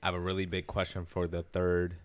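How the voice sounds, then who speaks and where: A young man with a low, deep voice and a blunt, crude sense of humor, swearing freely. He chats casually with friends during a party game. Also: completely flat delivery, brisk. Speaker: game player. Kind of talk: casual drinking-game chat.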